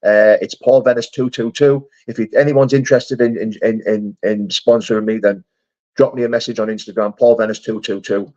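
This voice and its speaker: A man's voice: lowish voice, fairly even intonation, fairly quick, a little mellow. A man hosting a casual live chat, reading viewer comments in a matey, chummy way. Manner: chatty, matey, calls viewers mate and brother. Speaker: live stream host. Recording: dull lo-fi stream audio.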